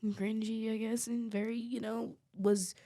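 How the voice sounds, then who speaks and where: A woman's voice: a little high, little pitch movement, measured pace, mellow. A woman hosting a podcast in casual chat, talking emphatically and animatedly, often breaking into laughter. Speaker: podcast host.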